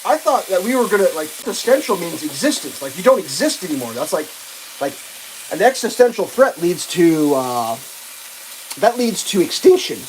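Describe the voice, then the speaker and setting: A woman's voice: on the low side, big pitch swings, moderate pace, darkish tone, slight background noise, low-quality recording. A woman hosting a livestream, ranting casually with profanity, many restarts and exasperated asides. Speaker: livestream host.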